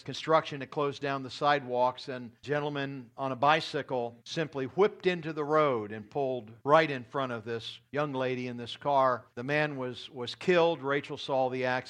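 A man's voice: medium pitch, a bit bright. A man preaching a sermon as pastor, earnest and storytelling, with emphatic rises.

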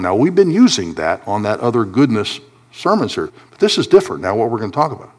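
A middle-aged male pastor delivering a sermon, repeating phrases for emphasis and building to loud, high-pitched peaks. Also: very animated, a little fast.

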